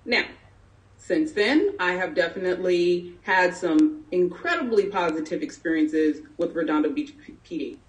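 A middle-aged woman from San Jose talks at a moderate pace in a lowish, expressive voice, positioned far from the mic. She is candidly recounting a personal story at a community town hall meeting, casual in manner and heavy on fillers.

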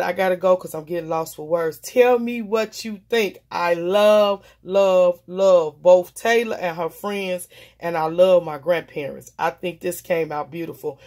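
A woman's voice: fairly low pitch, a little mellow. A woman vlogger showing her mixed-media craft projects in a casual, gushing, emotional, folksy way. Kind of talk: casual show-and-tell.

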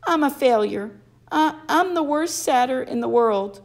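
A woman's voice: mid-range voice, big pitch swings, unhurried, a little mellow, voice pushed up. A woman voicing a nervous, sniffling young male satyr who keeps apologizing, in an audiobook. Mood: tearful.

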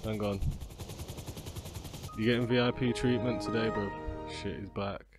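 A man with doing excitable gameplay commentary, yelling and cursing at other players. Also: on the low side, moderate pace. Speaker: gaming YouTuber. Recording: game music playing underneath.

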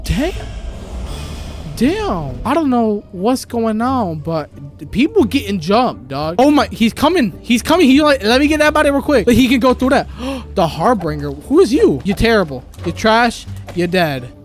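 A man's voice: high-pitched, big pitch swings, unhurried, faint music behind. A young man giving casual, jumpy gameplay commentary, full of slang, gasps and exclamations. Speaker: gaming video creator.

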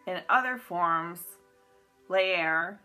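A woman with a low voice leads a guided-notes grammar lesson. She spells words out one letter at a time, patient and methodical, with the odd "um" and self-correction. Faint music plays quietly behind her. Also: extremely slow, low-quality recording. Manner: relaxed with fillers and self-corrections. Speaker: Spanish teacher.

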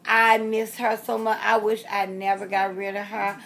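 A woman's voice: mid-range voice, level tone, moderate pace, fairly bright tone, slight background noise. A woman in her sixties talking casually to her viewers, chatty and rambling, often repeating herself and trailing off with fillers. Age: 60s. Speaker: reborn doll collector vlogger. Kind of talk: casual rambling vlog talk.

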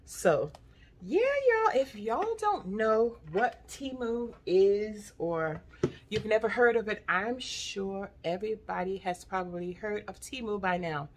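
A woman chatting excitedly to viewers in a casual haul vlog, calling them y'all. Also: medium pitch, unhurried. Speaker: vlogger.

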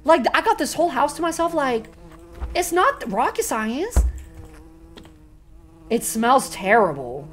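A young woman streaming a video game, swearing constantly and swinging between loud shrieks and quiet mumbling as she plays. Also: high-pitched, very animated, measured pace, pauses often, a little hiss or hum. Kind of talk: casual game commentary.

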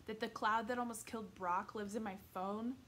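A woman's voice: fairly high pitch, steady tone, moderate pace, a bit bright, slight background noise, lightly acted. A woman voicing an indignant middle-school boy who speaks bluntly, in a read-aloud storybook. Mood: angry. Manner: blunt, exasperated.

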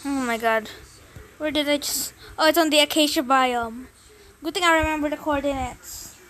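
A woman's voice: sits high, normal speed, fairly bright tone, a little hiss or hum, rough recording. A young woman chatting to herself while playing a game, easily flustered and apologetic. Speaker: game streamer. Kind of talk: casual gameplay commentary.

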